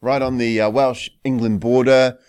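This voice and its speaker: A man with a New Zealand accent hosts a relaxed interview at a middling pitch. He keeps the talk chatty and jokey. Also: moderate pace, smooth. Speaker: host. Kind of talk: casual interview.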